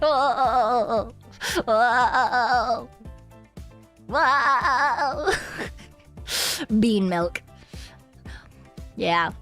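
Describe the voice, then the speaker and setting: A woman's voice: a little high, extremely slow, pauses often, pushed and bright, soft background music. A woman streamer chatting casually and rambling, laughing often and swearing now and then. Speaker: VTuber streamer. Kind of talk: casual livestream chat.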